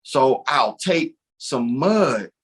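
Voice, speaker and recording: A man voicing a tiny, brave water spider with a high, eager little voice. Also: animated, extremely slow, a bit bright, husky, exaggerated voice. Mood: eager, determined.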